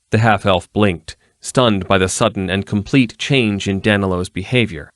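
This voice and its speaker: A man narrating a fantasy audiobook in an even, measured way. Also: low-pitched, no room sound, clean studio sound. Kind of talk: scripted narration.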